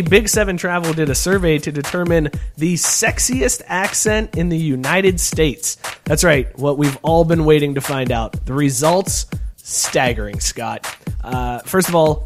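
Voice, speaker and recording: A middle-aged man co-hosting a sports radio show, bantering in a joking, animated way and laughing often. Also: on the high side, measured pace, faint music behind.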